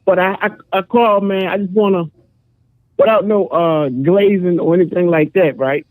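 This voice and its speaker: A man's voice: high voice, fairly even intonation, moderate pace, a little mellow, dry recording. A man from the US East Coast calling in to a live show, chatty and friendly, repeating "man" a lot. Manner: chatty, repeats "man" and "you know what I mean". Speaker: caller. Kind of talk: phone-in chat. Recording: tinny phone line.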